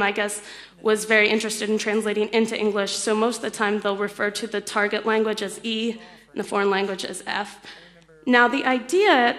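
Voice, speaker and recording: A young woman delivers a technical conference lecture with a bright, fairly high voice. She explains patiently, with ums and the odd light laugh. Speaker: conference speaker. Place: lecture hall.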